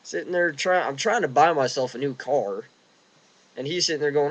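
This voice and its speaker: A man's voice: a little high, steady tone, a little fast, rough recording. Rambling indignant guy. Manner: rambling, indignant, with restarts and quoted voices. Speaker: vlogger. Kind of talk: casual rant. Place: outdoors in wind.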